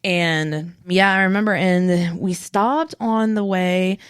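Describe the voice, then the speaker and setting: A woman's voice: on the low side, slow, smooth, no room sound, clean studio sound. A woman in her thirties from West Virginia, with a light Southern drawl on her northern accent, telling stories as an interview guest and acting out what people said. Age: 30s. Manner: animated storyteller, acts out quotes. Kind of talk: casual interview chat.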